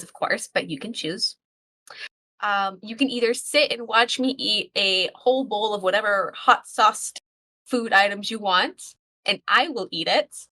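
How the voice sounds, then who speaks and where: A woman voicing a playful young woman who confides in a low, hushed way.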